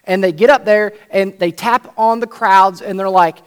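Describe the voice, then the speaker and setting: Male preacher with a high voice, animated storytelling sermon that acts out each scene. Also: moderate pace, clear, resonant tone.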